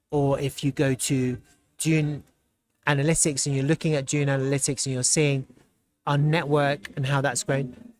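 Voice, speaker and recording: A man hosting a live stream, chatting casually and reacting with excitement and frequent laughter as he browses. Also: a little high. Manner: excitable, laughs often, thinks aloud while browsing. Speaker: livestream host.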